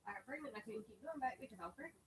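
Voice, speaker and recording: A young woman co-hosting a casual live chat, chiming in with quiet asides. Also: fairly high pitch, animated, racing. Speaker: co-host, daughter. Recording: distant voice with faint room noise.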